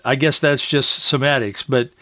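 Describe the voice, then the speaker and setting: A man's voice: medium pitch, steady tone, moderate pace, pushed and bright, no room sound, lo-fi sound. A man hosting a talk radio show, reading quotes and commenting with folksy restarts and rising heat.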